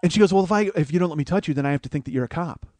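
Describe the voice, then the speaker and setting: A man's voice: a little high, racing, darkish tone, no room sound. A man hosting a podcast, telling a rambling, profane comic story that gets more and more worked up. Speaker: podcast host. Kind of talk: comedic storytelling monologue.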